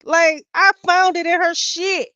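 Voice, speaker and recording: A woman guest on a podcast, telling a personal story in casual talk, swearing freely and swinging from loud outbursts to quiet asides. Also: very high voice, a little slow, dry recording, lo-fi sound. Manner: profane, animated, swings loud then quiet.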